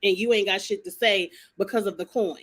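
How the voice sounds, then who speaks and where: A woman's voice: medium pitch, fairly even intonation, brisk, fairly bright tone. Sassy, blunt woman ranting. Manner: blunt, sassy, swears freely. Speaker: vlogger commenting on a reality show. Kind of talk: casual opinionated commentary.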